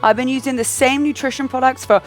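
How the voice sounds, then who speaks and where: A pregnant woman leading a gentle stretching workout, cueing breaths and counts in a calm, encouraging way. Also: sits high, fast. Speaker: fitness instructor. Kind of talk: guided prenatal workout instruction. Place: home workout space, indoors. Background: soft background music.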